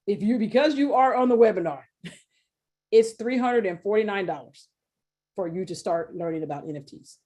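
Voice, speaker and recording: A woman's voice: medium pitch, normal speed, dark tone. A middle-aged woman presenting a sales webinar in a chatty, informal way, acting out quoted voices and laughing often. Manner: informal, colloquial phrasing. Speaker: webinar presenter selling an NFT course. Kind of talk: casual sales webinar talk.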